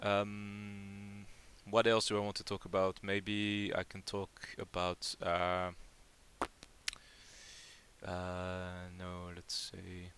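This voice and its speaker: A man's voice: low voice, monotone, drawn-out words, pauses often, fairly bright tone, slight background noise. A man hosting a live community Q&A, chatting casually and rambling with lots of fillers and restarts. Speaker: project lead hosting a community AMA.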